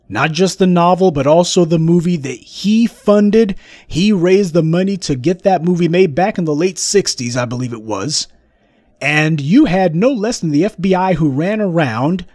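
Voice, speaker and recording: A man hosting a political commentary monologue, forceful and sarcastic, lecturing his audience. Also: a little high, no echo, clean studio sound. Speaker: host.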